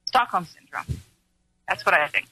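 A woman reporter on a talk show, telling a story in a halting way with many fillers. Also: lowish voice, lively intonation, pushed and bright, rough recording. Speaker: co-host, reporter.

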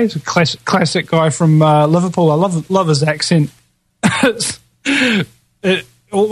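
A man's voice: fairly high pitch, dry recording. Rambling man, dry close sound. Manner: rambling, many fillers and restarts; laughs often, jokey asides. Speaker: podcast host. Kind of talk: casual rundown of past guests.

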